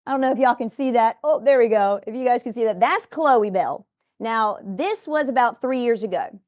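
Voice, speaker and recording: Emphatic woman in her forties, higher voice. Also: lively intonation, normal speed, darkish tone, no echo, studio quality. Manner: emphatic, personal, addresses viewers directly. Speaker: motivational speaker. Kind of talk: motivational talk to camera. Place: studio.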